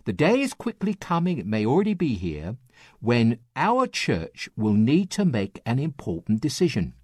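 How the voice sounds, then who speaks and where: A man preaching a radio sermon, with lively rises and falls and dramatic pauses. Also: medium pitch, slightly rough, no echo, clean studio sound. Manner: lively, rising and falling delivery with dramatic pauses.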